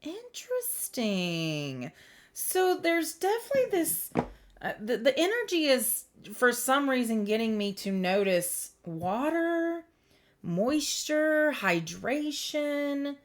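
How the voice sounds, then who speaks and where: A woman talks through a spiritual reading straight to a close camera, wandering from thought to thought and breaking into giggles. Her pitch rises and dips expressively while her pace stays slow and unhurried. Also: very animated. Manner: rambling, giggly, self-interrupting. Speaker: spiritual reader. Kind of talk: casual intuitive reading to camera. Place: indoors under bright light. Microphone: camera close to the face.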